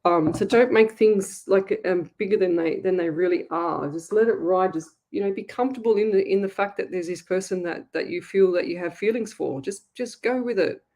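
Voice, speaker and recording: A woman's voice: medium pitch, moderate pace, hardly any pauses, a little mellow. Australian woman host, casual live psychic readings, rambling and direct, mid-range voice. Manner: chatty, rambling, direct advice-giving. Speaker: psychic medium radio host.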